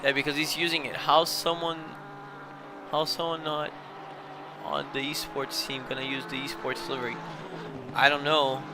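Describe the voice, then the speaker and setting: A man's voice: on the high side, level tone, moderate pace, pauses often, background noise. A young man commentating a sim race live while fighting a bout of hiccups, apologising and laughing at himself between calls. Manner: flustered, self-mocking, apologetic between calls.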